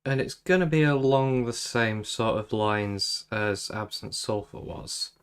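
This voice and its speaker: Sitting in a small home room, a man draws on a live stream and talks casually, drifting into self-deprecating comments about tech trouble. He speaks into a desk microphone plugged into his computer. His voice is lowish, unhurried and clean.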